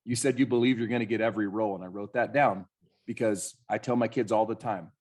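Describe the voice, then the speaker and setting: A man's voice: fairly low pitch, steady tone, fast, darkish tone. A man co-hosting a podcast, a coach speaking encouragingly in a casual chat.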